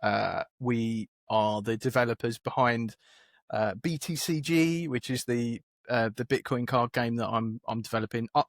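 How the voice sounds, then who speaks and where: A man's voice: mid-range voice, normal speed, dry recording. Guy guesting on a podcast, umms a lot, mid voice, dry sound. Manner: hesitant, self-deprecating, many fillers and restarts. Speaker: guest, game developer. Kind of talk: casual podcast interview.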